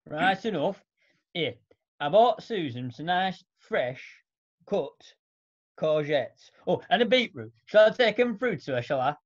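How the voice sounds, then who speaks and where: A folksy, easygoing allotment gardener, played by a man, rambling in a lively, sing-song voice. He stammers and trails off, and the sound is dull and lo-fi. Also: on the high side, unhurried. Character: scruffy older allotment gardener, chatty and easygoing. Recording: dull lo-fi recording.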